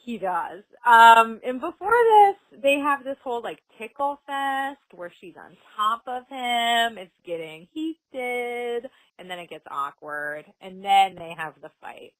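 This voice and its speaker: A woman's voice: on the high side, sing-song, takes it slowly, few pauses, rough recording. A woman co-hosting a podcast, casually recapping a TV episode and acting out the characters' lines. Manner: chatty storyteller who acts out characters' lines. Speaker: podcast co-host.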